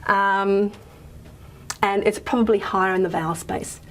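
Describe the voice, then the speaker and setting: A woman's voice: medium pitch, steady tone, unhurried, a little hiss or hum. A woman with an Australian accent teaches a phonetics lecture. She talks in a loose, informal way, with plenty of fillers and self-corrections as she goes. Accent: Australian English. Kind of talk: recorded lecture.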